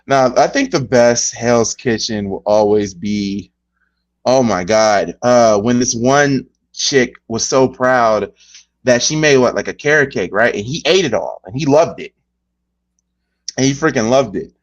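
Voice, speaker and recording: A man hosting a casual chat, laughing a lot and jumping into high impressions. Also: measured pace, highs cut off. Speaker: podcast host.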